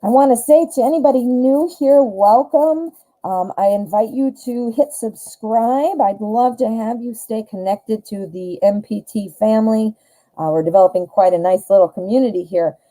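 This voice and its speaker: A woman's voice: fairly high pitch, moderate pace, warm tone, rough recording. A middle-aged woman giving casual tarot readings on a live stream, chatty and talking straight to her viewers, often laughing at her own jokes.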